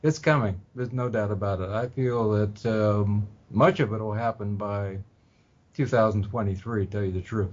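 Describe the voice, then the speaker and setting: A man, a spiritual teacher, speaking as a guest in an interview, unhurried and full of ums and uhs. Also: fairly low pitch, steady tone. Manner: unhurried, many ums and uhs, soft laughs. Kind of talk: relaxed interview talk. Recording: dull lo-fi audio.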